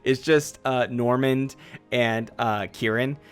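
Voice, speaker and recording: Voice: medium pitch, steady tone, takes it slowly, soft background music. Laughing, rambling game master. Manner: rambling, filler-heavy narration with laughs. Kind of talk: tabletop role-play session.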